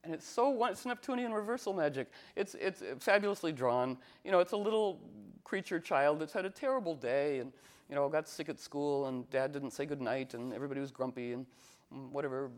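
In a casual talk on astrology, a man rambles with plenty of fillers and restarts. When he acts out quoted voices, his pitch jumps suddenly.

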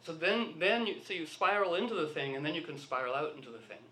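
Bright-voiced man telling rambling anecdotes. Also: fairly high pitch, animated, fast talker. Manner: rambling, acts out dialogue in anecdotes. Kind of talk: anecdotal storytelling talk. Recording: echoey room.

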